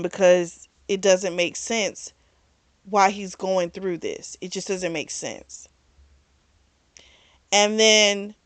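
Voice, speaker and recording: Slow-talking woman recapping a book. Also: medium pitch, dry recording. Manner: chatty, retells scenes with lively asides. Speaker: book club vlog host.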